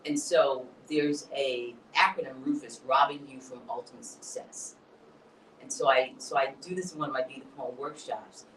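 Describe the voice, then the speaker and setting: A poet speaking as a guest in a live onstage interview, an animated storyteller who mixes motivational talk with laughter. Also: male voice, mid-range voice, normal speed, reverberant, recorded from a distance, slight background noise, low-quality recording. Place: hall at a live event.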